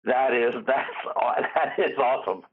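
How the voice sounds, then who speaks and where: An older man joining a radio show as a guest, giving gruff, terse replies in casual banter. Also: medium pitch, unhurried. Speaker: guest investigator. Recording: tinny phone line.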